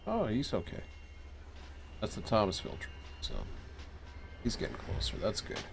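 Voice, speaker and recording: A man giving casual, thinking-aloud commentary while playing a train dispatching game, low-key and a bit sleepy. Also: big pitch swings, moderate pace, a little hiss or hum. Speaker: streamer.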